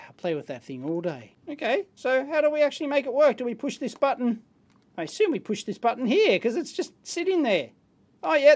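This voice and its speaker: An Australian man hosting a casual unboxing and teardown, chatty and excitable, full of slang and quick asides. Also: extremely high pitch. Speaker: host.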